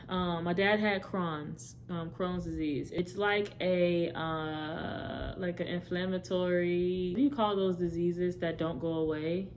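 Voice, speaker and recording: A woman's voice: fairly low pitch, steady tone, slow pace, a little hiss or hum. A young woman candidly telling her personal testimony straight to her viewers, rambling and correcting herself as she goes. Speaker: testimony speaker.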